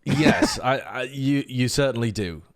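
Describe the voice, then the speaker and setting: A young British man with a softened Birmingham accent, a caster chatting casually with dry, self-mocking humour. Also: mid-range voice, measured pace. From England. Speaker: esports caster. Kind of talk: casual chat.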